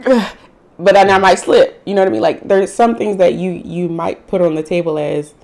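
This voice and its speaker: A woman co-hosting a casual chat, sassy and animated, acting out quotes as she tells stories. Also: on the low side, normal speed. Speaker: podcast co-host.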